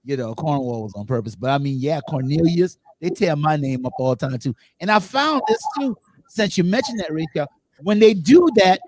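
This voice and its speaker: A man hosting a casual panel talk show, animated and laughing, repeating phrases for effect. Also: a little high, moderate pace, no echo.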